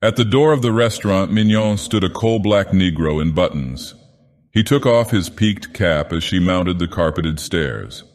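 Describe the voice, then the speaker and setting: Very deep, grave theatrical narrator. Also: male voice, lively intonation. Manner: slow, grave theatrical villain persona. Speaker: audiobook narrator. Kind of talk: scripted storybook narration. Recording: long hall reverb.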